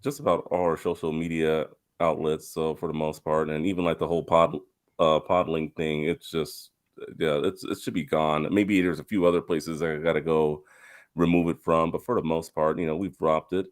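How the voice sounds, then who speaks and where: A man's voice: extremely low pitch, little pitch movement, normal speed. A young man hosting a casual gaming podcast, opening with playful, upbeat introductions of his co-hosts. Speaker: podcast host.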